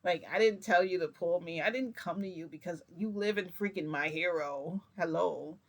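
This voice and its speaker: A woman's voice: on the low side, normal speed. Giggly rambling woman vlogger. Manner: rambling, giggly, confessional, with many fillers. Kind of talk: casual storytime vlog.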